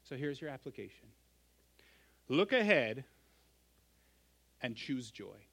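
A middle-aged man pastor preaching a sermon, earnest and emphatic, swinging from loud stresses to hushed endings. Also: medium pitch, very animated, slow, creaky.

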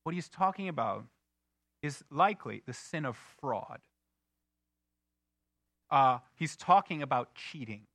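A married man preaching a sermon, swinging from loud outbursts to hushed, slow emphasis. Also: a little high, animated, dry recording, studio quality. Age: adult, married. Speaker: pastor.

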